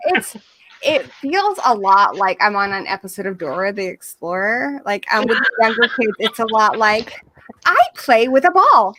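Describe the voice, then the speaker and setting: A woman co-hosting a casual podcast chat, energetic and silly, laughing often. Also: medium pitch, moderate pace, a little hiss or hum. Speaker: podcast co-host.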